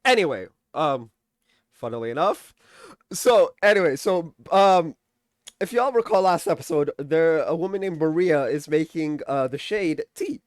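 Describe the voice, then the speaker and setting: A man's voice: on the high side, lively intonation, unhurried, no room sound, studio quality. A young man recapping a TV episode in a casual, rambling way, swearing freely and tossing in sarcastic mock quotes of the characters. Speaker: TV episode reviewer.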